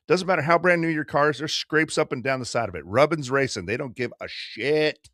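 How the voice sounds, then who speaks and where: A man's voice: a little high, brisk, fairly bright tone, no echo, clean studio sound. A man in his fifties telling a long, profane story in casual podcast chat, slipping into the voices of the people he quotes. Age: 50s. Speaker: podcast host.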